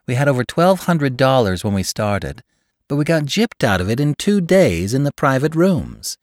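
A man's voice: medium pitch, very animated, moderate pace, dry recording, clean studio sound, voice pushed up, close to an everyday voice. A man reading aloud, voicing a chatty, gossipy young woman in a period story. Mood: excited.

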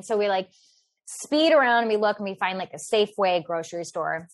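A woman telling a story in casual conversation, animated and laughing often, with many filler words. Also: medium pitch, fairly quick. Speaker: guest storyteller.

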